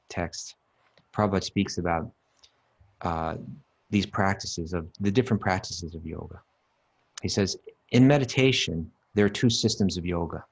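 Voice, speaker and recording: A man with a very low, deep voice leads a relaxed scripture discussion. He talks emphatically, circles back on his words, and breaks into chanted Sanskrit verses. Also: gravelly. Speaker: podcast co-host teaching scripture. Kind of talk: casual teaching talk.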